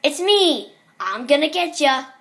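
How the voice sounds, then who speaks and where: A woman voicing a menacing male animatronic pirate fox in a storybook reading, loud and higher than her own voice. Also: big pitch swings, unhurried, exaggerated voice. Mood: taunting. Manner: shouted, gleeful taunting.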